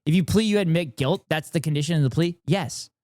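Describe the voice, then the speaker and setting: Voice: mid-range voice, brisk, a little mellow, dry recording, studio quality. A streamer reacting to a debate video with exasperated, profane, incredulous commentary.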